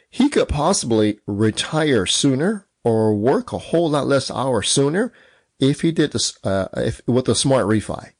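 A man's voice: mid-range voice, no echo. A man hosting an instructive podcast as a real estate coach, punching out numbered points and putting questions to his listeners.

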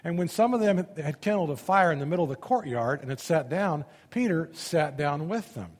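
A man preaching a sermon, reading scripture aloud and commenting on it, swinging between loud emphasis and hushed asides. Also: fairly high pitch, animated, normal speed, big-room sound.

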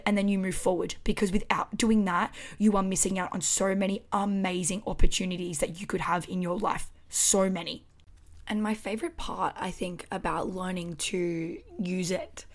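Expressive young Australian woman podcaster. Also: on the low side. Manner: expressive, frequent swearing, emphatic. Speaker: podcast host. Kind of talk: casual motivational podcast monologue. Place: her house. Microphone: studio microphone.

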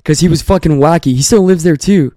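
A man's voice: a little high, fast, dark tone, dry recording, studio quality. A young Canadian man, a podcast co-host, telling profane neighbor stories in casual chat and acting out the people in them. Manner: profane storyteller, acts out neighbors' lines.

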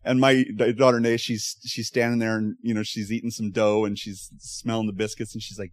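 A man, a pastor in his thirties, preaching a sermon in a conversational, animated storytelling way with asides. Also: lowish voice, fairly quick, few pauses, no room sound, clean studio sound.

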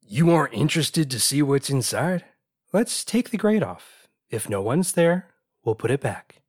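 Husky suspicious barfly, played by an actor. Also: mid-range voice, very animated, moderate pace, a little mellow, no room sound, clean studio sound. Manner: terse, suspicious. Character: suspicious barfly, gruff and meddling.

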